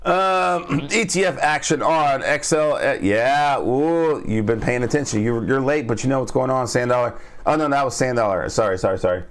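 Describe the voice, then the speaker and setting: A man's voice: mid-range voice, moderate pace, hardly any pauses. A man hosting a live trading lesson. He repeats his key points, stops to ask "all right?" after each one, and reads and answers the live chat. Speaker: trading coach and stream host.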